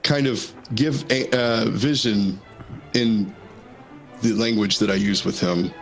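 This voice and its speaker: Low-ish guy playing tabletop, easygoing, calls out his moves, faint music behind. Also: takes it slowly. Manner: easygoing, narrates own moves. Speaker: player. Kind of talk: casual tabletop play.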